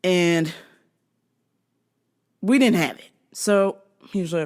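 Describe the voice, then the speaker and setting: A woman's voice: on the low side, takes it slowly, long pauses, a little mellow. A woman telling a comic story in a profane, sarcastic way. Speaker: host. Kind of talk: comedic storytelling.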